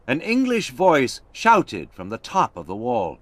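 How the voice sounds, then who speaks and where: Slow, expressive male storyteller. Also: medium pitch, no echo. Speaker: narrator. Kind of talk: slow graded-reader story narration.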